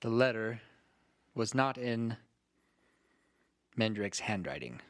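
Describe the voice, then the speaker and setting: A man acting as dungeon master, explaining the story in a calm, measured way. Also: on the low side. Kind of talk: tabletop game narration.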